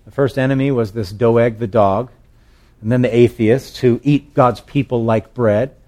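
A man's voice: medium pitch, steady tone, measured pace, mellow. A male pastor preaching a sermon in a conversational storytelling way, with fillers and restarts.

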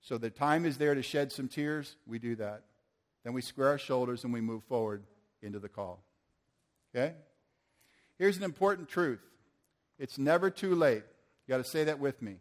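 A man's voice: medium pitch, lively intonation, moderate pace, long pauses. An older man preaching a sermon to a church audience, earnest and asking the room questions.

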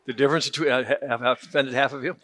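A man's voice: medium pitch, fairly even intonation, fast talker, pushed and bright, a little hiss or hum. A man teaching a Bible class in a conversational, joking way, often repeating words as he restarts.

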